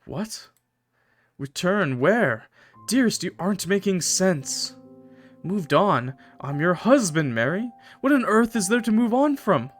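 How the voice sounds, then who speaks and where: A man voicing a bewildered zombie husband in a horror visual novel, soft and pleading. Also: sits high, very animated, slow, soft background music, pitched above the performer's own voice, exaggerated voice.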